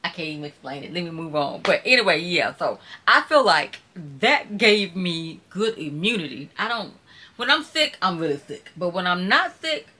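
A woman's voice: on the low side, sing-song, moderate pace, bright, forceful tone, breathy edge. A woman from Mississippi with a Southern accent, chatting casually and folksily with viewers on a live stream. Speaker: YouTuber hosting a live stream.

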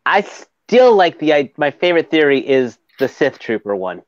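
A man's voice: a little high, big pitch swings, moderate pace, dry recording. Man chiming in on a dull, dry mic. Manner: chimes in with short interjections. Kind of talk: casual chat.

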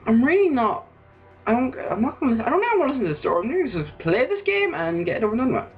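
An Irish man gives rambling, excitable let's play commentary, swearing freely and breaking into sudden outbursts. His pitch leaps and dips constantly. The recording sounds dull and lo-fi. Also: very fast, vocal fry, faint music behind. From Ireland. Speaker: gaming video host.

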